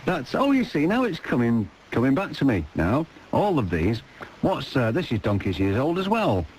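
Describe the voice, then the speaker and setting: A man's voice: medium pitch, wildly swooping pitch, moderate pace, a little mellow, husky, low-quality recording. A man hosting a late-night radio phone-in, teasing callers and telling jokes with relish.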